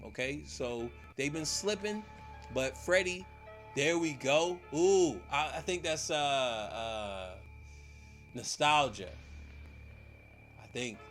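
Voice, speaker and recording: A man retelling a horror movie as a comedic recap on a live stream, talking in slang and putting on quick voices for the characters. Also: on the high side, animated, fairly bright tone, faint music behind.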